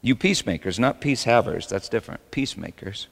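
A man preaching a sermon as pastor, swinging between loud emphatic lines and quiet asides. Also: lowish voice, expressive, fairly quick, creaky, big-room sound.

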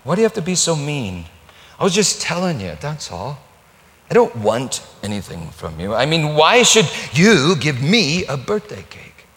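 A woman's voice: low-pitched, big pitch swings, moderate pace. A man voicing a weary woman of the night about to turn thirty-nine, pleading and hurt. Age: 30s. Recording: long hall reverb.

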